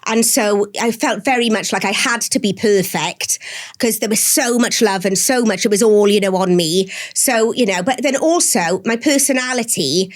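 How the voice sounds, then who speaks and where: A Welsh woman in her forties, a podcast guest chatting casually and telling candid, lively stories with the odd swear. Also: mid-range voice, normal speed. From Wales. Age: 40s. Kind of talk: casual interview chat.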